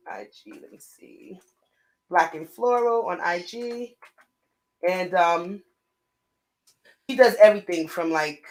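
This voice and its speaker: A woman co-hosting a casual live-stream chat with a New York accent, talkative and playful with shout-outs. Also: medium pitch, poor audio. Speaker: co-host.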